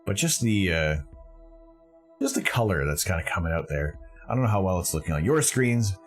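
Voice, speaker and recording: A man's voice: low-pitched, sing-song, moderate pace, faint music behind. A man from Canada hosting a live stream, talking casually and with enthusiasm in a rambling way, often correcting himself mid-sentence.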